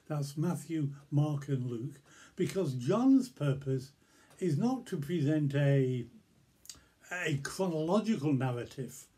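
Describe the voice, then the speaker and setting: A British man delivers a devotional sermon in a slow, measured way. His voice is mellow and on the higher side for a man. Soft guitar music plays faintly behind him. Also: husky. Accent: British English. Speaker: pastor.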